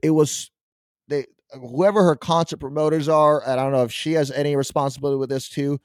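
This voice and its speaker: A young man rants profanely through a casual podcast chat, breaking now and then into squealing mockery of people he dislikes. His voice sits a bit high for a man. The sound is close and dry, with no room around it. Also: fairly even intonation, a little fast, no echo. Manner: profane, ranting, mocks others in squealing voices. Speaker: podcast host.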